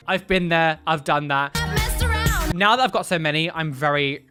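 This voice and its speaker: A young man hosting a reaction video, animated and exclamatory with frequent laughs. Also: fairly high pitch, moderate pace, clean tone, faint music behind. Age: young adult. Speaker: YouTube reaction host. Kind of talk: reaction commentary.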